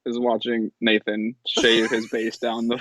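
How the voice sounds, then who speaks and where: A man's voice: mid-range voice, monotone, unhurried, fairly bright tone, no room sound. A young man from Minnesota, a podcast guest, talking in a laid-back, hesitant way full of fillers. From Minnesota, USA. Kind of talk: casual chat.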